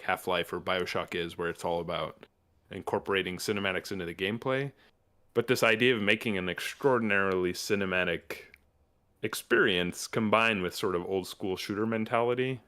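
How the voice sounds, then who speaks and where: A man with a fairly low voice, from New Mexico, hosts a podcast conversation. He talks with rambling enthusiasm, stacking up fillers and restarting his sentences as he goes. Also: a bit bright. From New Mexico, USA. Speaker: podcast host. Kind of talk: casual chat.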